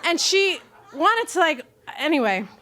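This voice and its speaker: A woman with a high voice tells a true story live on stage, cursing freely and poking fun at herself. She is from Brooklyn and keeps the tale animated and candid. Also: unhurried, some chatter behind. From Brooklyn, New York. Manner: profane, self-mocking, animated.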